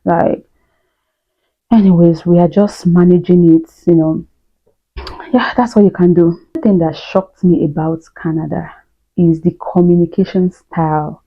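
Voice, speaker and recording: A young Nigerian woman vlogs casually to camera, chatting candidly with plenty of fillers in a Nigerian accent. Her voice is fairly low, steady and a little slow, and the lo-fi recording sounds dull.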